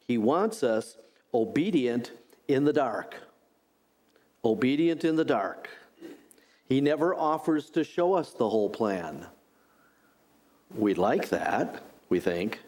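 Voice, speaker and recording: A middle-aged male pastor preaching a sermon, deliberate and repeating key phrases for emphasis. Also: medium pitch, warm tone.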